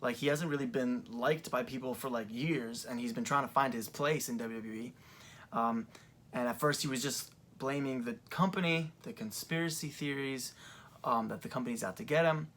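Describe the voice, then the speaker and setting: A young man in a casual commentary vlog, recapping events in a loose, rambling way full of ums and likes. His voice sits at an ordinary middle pitch, and a chair creaks under him as he talks. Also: moderate pace, a bit bright. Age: young adult. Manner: rambling, filler-heavy retelling. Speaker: wrestling fan reviewer.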